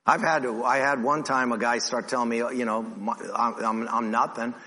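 A man preaching a sermon who acts out the voices in his stories and drops low and slow for emphasis. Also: fairly even intonation, bright, forceful tone. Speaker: pastor. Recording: long reverb of a church hall.

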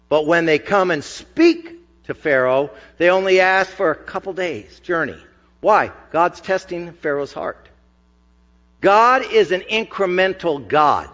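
A man's voice: on the high side, a bit bright. A man preaching a sermon in a conversational, emphatic way with casual asides, in a church hall on a dull recording with long reverb. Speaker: pastor.

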